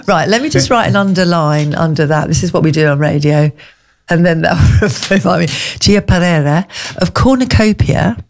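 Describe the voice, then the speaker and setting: A woman co-hosting a radio show in a studio, chatting in a rambling, warm-hearted way. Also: on the low side, expressive, moderate pace. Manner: chatty, rambling, laughs often. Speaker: radio co-host. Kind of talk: casual radio chat.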